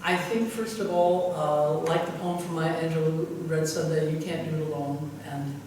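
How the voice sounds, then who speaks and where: A woman's voice: deep voice, fairly even intonation, normal speed. An older woman pastor tells stories in a rambling, chuckling manner, her talk full of fillers. She is picked up from a distance in a church hall with a long echo, and faint noise hangs underneath. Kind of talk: anecdotal storytelling in conversation.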